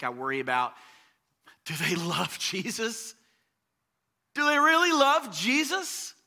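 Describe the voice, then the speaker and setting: A man preaching a sermon as pastor, talking in a conversational way and swelling louder on key phrases. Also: medium pitch.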